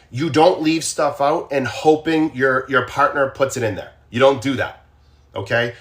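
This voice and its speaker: A man's voice: medium pitch, fairly bright tone. A man with a Boston accent hosting a casual true crime livestream, talking straight to viewers and repeating his questions to them.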